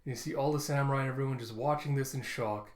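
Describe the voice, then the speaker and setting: A man's voice: medium pitch, fast. A young man casually narrating comic panels aloud, laughing and jumping into character voices. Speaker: comic reviewer. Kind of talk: casual comic read-along. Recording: echoey room.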